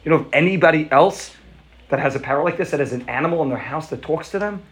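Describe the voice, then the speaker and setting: Proud king, voiced by a man, matter-of-fact, quick speech, slightly high. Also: close to an everyday voice. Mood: explaining. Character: proud male king, patiently explaining.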